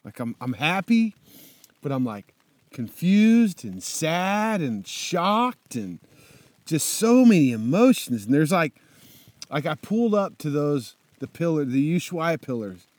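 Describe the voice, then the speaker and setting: A man's voice: fairly high pitch, sing-song, slow pace, darkish tone, dry recording. Laid-back swearing young man, dry sound. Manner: laid-back, swears constantly, lots of fillers. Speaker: motorcycle traveler telling a trip story. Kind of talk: casual storytelling.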